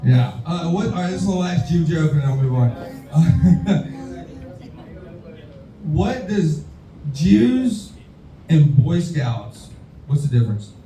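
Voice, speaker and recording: Male stand-up comic, profane and rambling, slightly high, dark tone, roomy distant sound. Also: expressive, slow, long pauses, soft background music. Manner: crude, profane, rambling storytelling. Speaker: stand-up comedian. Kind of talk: open-mic stand-up set. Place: saloon bar stage.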